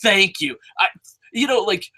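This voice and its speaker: A young man from New Jersey giving a rambling, excitable wrestling review, swearing constantly and poking fun at himself. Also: sits high, measured pace, husky. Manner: excitable, rambling, heavy swearing, self-mocking. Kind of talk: casual profane review rant.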